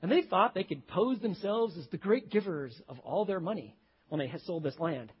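A man preaching a sermon as a pastor, telling stories and rising to sudden loud emphasis. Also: high voice, lively intonation, normal speed, breathy edge, dull audio.

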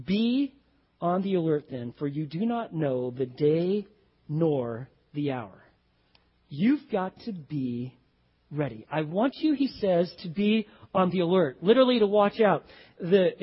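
A man preaching a sermon as pastor, animated and acting out the voices of the people in his story. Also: high voice, breathy edge. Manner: animated, acts out voices of characters. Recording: dull audio with long hall reverb.

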